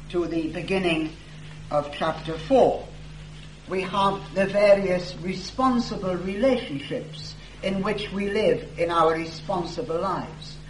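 A man preaching an expository sermon, reading scripture aloud slowly and stressing key words for emphasis. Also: on the high side. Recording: echoey room with faint hum.

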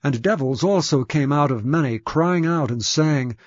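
A man giving a measured, solemn scripture reading. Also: on the high side, no room sound. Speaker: scripture reader. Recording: dull, dry lo-fi recording.

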